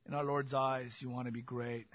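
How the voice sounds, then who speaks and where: A man preaching an expository sermon as pastor, swinging from loud emphatic bursts to quiet intimate asides. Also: medium pitch, level tone, moderate pace, dry recording, lo-fi sound.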